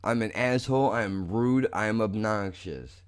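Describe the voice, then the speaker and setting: A young man hosting a podcast, talking in a blunt, profane, rambling way that turns angry fast. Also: fairly low pitch, clean tone. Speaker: podcast host. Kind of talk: casual monologue.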